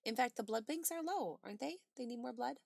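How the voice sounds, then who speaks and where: A woman hosting a livestream in a casual chat, reading chat messages aloud and replying with bright exclamations and soft asides. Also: on the high side, expressive, fairly quick, creaky, no echo, studio quality.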